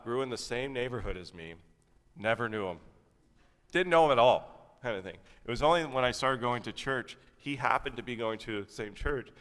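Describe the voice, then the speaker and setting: The preacher, a man in his thirties, sounds low, fairly bright, clear and resonant. He gives his sermon in a church sanctuary in a chatty style packed with fillers and asides, and long hall reverb surrounds him.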